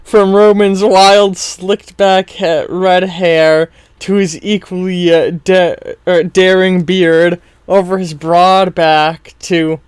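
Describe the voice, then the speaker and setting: A man's voice: high voice, little pitch movement, slow pace, hardly any pauses, clean tone, no echo. Stumbling, self-mocking male game master. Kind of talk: narrating a role-play story.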